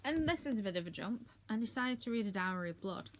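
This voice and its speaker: A woman's voice: fairly high pitch, expressive, fast, a little hiss or hum. Chatty woman reviewing her books. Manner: chatty and candid, with filler ums and asides. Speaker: book reviewer. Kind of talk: casual monthly reading wrap-up.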